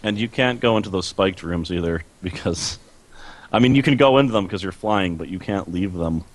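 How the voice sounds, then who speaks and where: A man's voice: low voice, normal speed, poor audio. A man co-hosting a podcast in casual gaming chat, with a dry, teasing manner. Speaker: podcast co-host.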